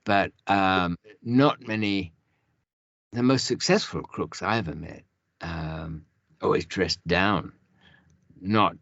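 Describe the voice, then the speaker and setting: A man's voice: low voice, slow pace, creaky, long pauses, fairly bright tone, no echo, highs cut off. A man who is a podcast guest, telling stories in a rambling way with many restarts and asides. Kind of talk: casual storytelling.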